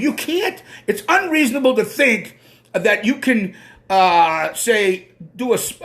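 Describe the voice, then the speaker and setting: A man's voice: sits high, a bit bright. A man with a Boston accent hosting a casual live stream, ranting and swearing when he gets worked up, through a computer mic.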